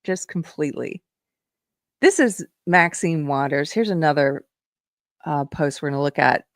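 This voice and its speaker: A woman from South Carolina hosting a live political commentary show, talking in a sarcastic, emphatic way and quick to scoff. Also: low voice, no room sound, studio quality. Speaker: show host.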